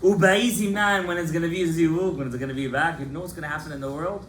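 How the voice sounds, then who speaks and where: A rabbi gives a lively, impassioned Torah class in a study hall, calling on students by name. His voice is fairly high and he talks fast, with slight background noise behind him.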